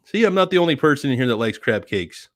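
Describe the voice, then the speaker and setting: A man's voice: mid-range voice, very animated, quick pace, fairly bright tone, dry recording, clean studio sound. A man hosting a casual live stream from home, chatting with viewers, reading their comments aloud and rambling playfully with lots of fillers.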